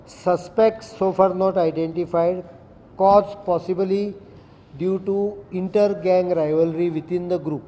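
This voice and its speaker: Firm, dark-voiced Indian English official. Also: male voice, high voice, fairly even intonation. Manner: firm, deliberate, reads out legal sections. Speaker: chief minister. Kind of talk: press statement. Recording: echoey room, faint background noise.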